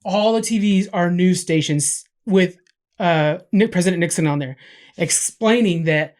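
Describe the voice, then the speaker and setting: Casual male podcast host, chatty recap, filler-heavy and excitable. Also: high-pitched, measured pace. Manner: rambling recap with many fillers and restarts; excited, gushing. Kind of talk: casual chat.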